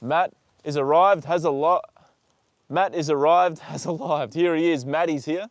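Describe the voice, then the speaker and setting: A man's voice: on the high side, measured pace, no echo. Man, Australian accent, casual livestream chat, fond of his horses, swears casually, dry sound. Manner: chatty, reads out viewer comments, talks fondly to horses, swears casually. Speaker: livestream host. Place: outdoors in a horse paddock.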